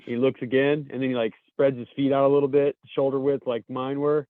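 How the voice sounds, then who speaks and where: A man's voice: mid-range voice, little pitch movement, a little fast, no room sound, phone-quality sound. A man co-hosting a casual comedy podcast, telling stories in a blunt, profane way. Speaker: podcast co-host.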